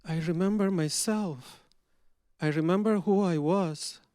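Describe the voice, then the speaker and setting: A storyteller from Iran, a man with a rather high, smooth voice. He performs his story theatrically, dropping to a hush and then rising again. The sound is close and dry. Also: measured pace, no room sound. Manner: dramatic, acts out dialogue, shifts between loud and hushed.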